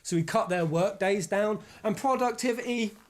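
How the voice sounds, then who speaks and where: A man's voice: high voice, normal speed. A young man hosting a live stream, ranting in casual chat and swearing freely. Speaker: stream host.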